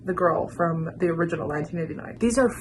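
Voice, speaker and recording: A woman's voice: on the low side, fast, a little hiss or hum, poor audio. Gushing young woman reacting to music. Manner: gushing, chatty, many "like" fillers. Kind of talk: casual album reaction commentary.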